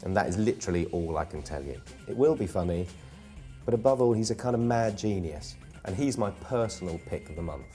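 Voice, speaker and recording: Jokey low-voiced male host. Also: expressive, fairly quick, dark tone, faint music behind. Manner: playful, self-mocking, rambling asides. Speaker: host presenting a comedy gig guide. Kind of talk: jokey scripted presenting.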